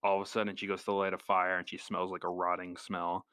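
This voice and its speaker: A man co-hosting a podcast in casual chat, animated and jokey, often acting out quotes from the film. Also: deep voice, quick pace, clear, resonant tone, no echo, clean studio sound. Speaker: podcast co-host.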